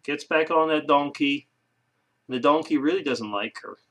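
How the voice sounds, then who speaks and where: Casual male vlogger, gravelly tone, rambling delivery with fillers. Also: fairly high pitch, moderate pace, a bit bright. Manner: rambling, joke-telling, many fillers and restarts. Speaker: video blogger. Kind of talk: casual vlog chat.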